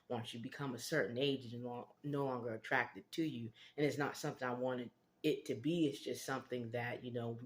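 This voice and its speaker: A woman from Connecticut, hosting her own channel, telling a personal story in an earnest, reflective way with frequent filler pauses. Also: extremely low pitch. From Connecticut, United States. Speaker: channel host.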